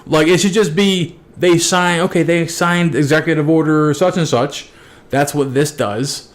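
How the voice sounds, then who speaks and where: A man's voice: a little high, fairly even intonation, measured pace. Reflective man explaining his views. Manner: reflective, explaining, casual swearing. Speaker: podcast co-host. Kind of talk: casual chat.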